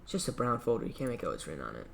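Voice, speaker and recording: A man voicing a hushed, ominous male inner-voice narrator in a game let's-play, murmuring low and deadpan. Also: racing, gravelly, slight background noise, heavily acted.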